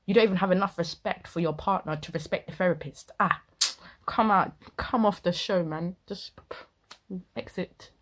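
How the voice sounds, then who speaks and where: A woman's voice: fairly low pitch, moderate pace, fairly bright tone. A young woman ranting indignantly in casual reaction commentary, full of slang. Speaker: reaction video host.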